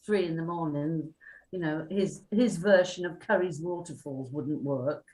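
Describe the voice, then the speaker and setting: A woman's voice: sits low, unhurried, a little mellow, rough recording. A woman telling meandering, chatty stories about her acting career. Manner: chatty, meandering anecdotes with fillers. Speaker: actress recalling her career. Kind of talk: casual reminiscing on a video call.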